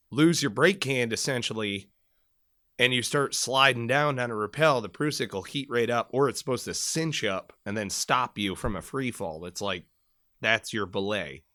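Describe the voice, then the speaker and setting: Bright, animated man telling a war story. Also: mid-range voice, measured pace, dry recording, clean studio sound. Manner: animated, profane, rambling storyteller. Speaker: podcast co-host, former Marine. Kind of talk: casual storytelling chat.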